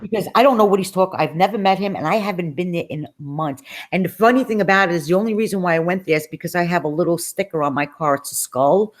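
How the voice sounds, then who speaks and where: A middle-aged woman, telling a personal story as an interview guest in a lively, chatty way, acting out the voices of people in it. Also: on the low side, fast talker, hardly any pauses. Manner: animated, acts out quoted voices.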